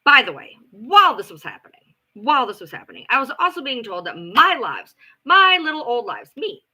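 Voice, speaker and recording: Animated, sarcastic middle-aged woman. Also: high voice, a little fast. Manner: animated, profane, sarcastic gossip with acted-out quotes. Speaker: livestream host. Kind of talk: casual storytelling on a livestream.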